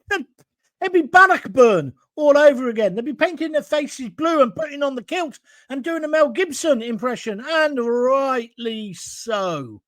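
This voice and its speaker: Man, middle-aged, blunt ranting live-stream host, high-pitched voice, dry close sound. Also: lively intonation, measured pace, fairly bright tone, dry recording. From England. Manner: blunt, combative, ranting, jokey asides. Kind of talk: live-stream opinion monologue reading viewer comments. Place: at home, alone.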